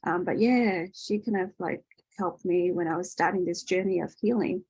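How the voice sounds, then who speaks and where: A woman's voice: on the low side, normal speed, darkish tone, breathy edge, no echo, rough recording. A woman hosting an online wellness workshop, talking in a chatty way with many fillers and restarts. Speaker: workshop host and energy healer.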